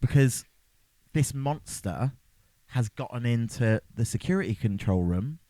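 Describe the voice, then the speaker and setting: This podcast co-host has a medium-pitched voice, a measured pace, and a clean, echo-free sound. He and the conversation stay light and jokey as they review a horror movie, and he's animated, often putting on goofy voices.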